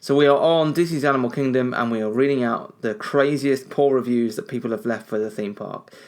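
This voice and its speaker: A man's voice: mid-range voice, fairly quick. A tipsy man co-hosting a casual podcast, slurring his words a little and rambling in loose, chatty talk. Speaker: podcast co-host.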